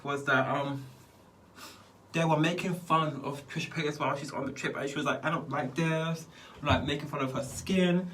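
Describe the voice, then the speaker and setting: A man's voice: fairly high pitch, fairly bright tone, far from the mic, slight background noise. A man vlogging casually while doing his skincare, rambling and chatty and laughing often. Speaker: beauty vlogger.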